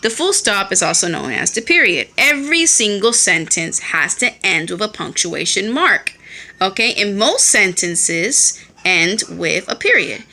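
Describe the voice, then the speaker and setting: Bright-voiced woman teaching a lesson. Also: mid-range voice, big pitch swings, a little slow. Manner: explains step by step, often checks in with 'okay?'. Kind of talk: recorded classroom lesson. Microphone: phone held in hand.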